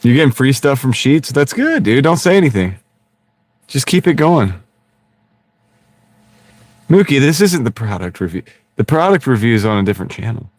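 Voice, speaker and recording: A man chats loosely with his live-stream viewers from inside his car, rambling from one thing to the next and laughing often. His voice sits at an ordinary middle pitch. The clip-on mic sound is close and dry, with no room echo. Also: very animated, normal speed, long pauses. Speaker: livestream host chatting with viewers. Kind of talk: casual live-stream chat. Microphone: wireless clip-on microphone.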